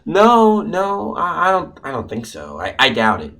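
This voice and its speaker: A man's voice: fairly high pitch, wildly swooping pitch, measured pace, gravelly, fairly bright tone, heavily acted. A man voicing a lovesick rich young man with a put-on posh manner in a student comedy play, breezy and smug.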